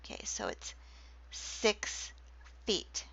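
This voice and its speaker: Slow, deliberate woman lecturer, lo-fi sound. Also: fairly bright tone. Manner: slow, deliberate, reads quoted verse slowly. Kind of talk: recorded lecture on poetry. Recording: dull lo-fi dry recording.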